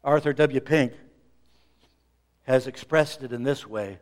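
A middle-aged man preaching a sermon as pastor, swinging between loud emphasis and quiet asides. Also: mid-range voice, takes it slowly.

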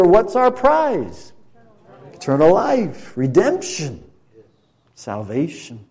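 A man's voice: on the high side, animated, moderate pace, dark tone. A man preaching in a church, leading a Passover demonstration and joking playfully with volunteers. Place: church sanctuary.

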